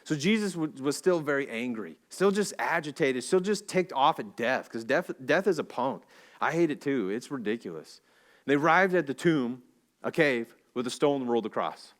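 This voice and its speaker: A man preaching a sermon in a church, telling a story in a casual, animated way with slang and jokey asides. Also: medium pitch, normal speed. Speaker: pastor. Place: church sanctuary.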